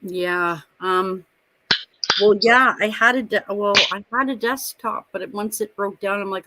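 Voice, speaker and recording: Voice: medium pitch, normal speed, fairly bright tone, no echo. Rambling, profane middle-aged storyteller. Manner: rambling, profane storyteller who laughs often. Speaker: co-host of a live sports watch-party stream. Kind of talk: casual chat.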